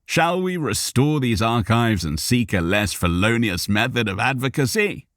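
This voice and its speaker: A man's voice: medium pitch, big pitch swings, normal speed, fairly bright tone, no echo, studio quality, pitched above the performer's own voice. A man voicing a verbose male scholar barbarian hero who speaks grandly and patiently with long words.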